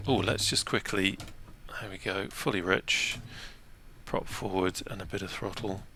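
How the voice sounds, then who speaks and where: A man's voice: sits low, fairly even intonation, unhurried, sharp tone, a little hiss or hum. Chatty man narrating a flight sim. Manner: chatty, self-deprecating, talks while operating controls. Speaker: flight sim video host. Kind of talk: casual gameplay narration.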